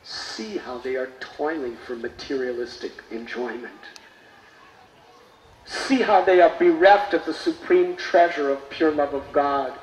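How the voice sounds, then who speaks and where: A man voices a fervent, compassionate saint calling out to a crowd, his pitch lifting high as he pleads and proclaims. He takes it slowly, drawing out the words. The sound is far from the mic, in a roomy echo with faint hiss. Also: natural voice. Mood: anguished compassion. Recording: echoey, distant mic, faint noise.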